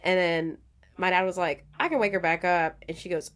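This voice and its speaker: Lively, blunt woman telling stories. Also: on the low side, fairly quick. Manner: lively, blunt storyteller with laughs and swearing. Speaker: podcast guest. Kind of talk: casual interview chat.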